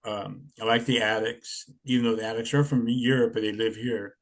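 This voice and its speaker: A man's voice: lowish voice, steady tone, normal speed. A man in his sixties telling stories in a rambling, laid-back way, swearing often. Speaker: interviewee, punk musician. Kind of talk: casual storytelling.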